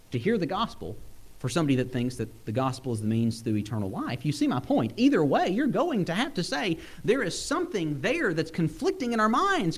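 A young man with a drawl preaches a sermon while fighting off a cold. His voice jumps up and down in pitch and speed, and he laughs lightly as he makes his points. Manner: animated, swings pitch and pace, chuckles often. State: sick, using cough drops.

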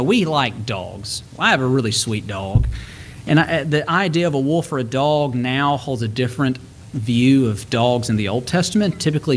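A man preaching a sermon, reading scripture slowly and breaking into quick, folksy asides. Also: medium pitch, slight background noise. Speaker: pastor.

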